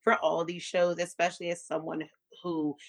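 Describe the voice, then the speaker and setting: Wry, low-voiced woman podcaster. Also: level tone, normal speed, creaky. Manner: wry, self-mocking. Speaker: podcast co-host. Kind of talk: casual chat.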